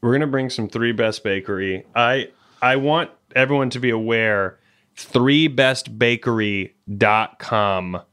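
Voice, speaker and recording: A man's voice: medium pitch, measured pace, fairly bright tone, clear, resonant tone. A man co-hosting a comedy podcast over a remote call, joking and riffing casually with plenty of swearing. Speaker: podcast co-host. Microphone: remote call setup.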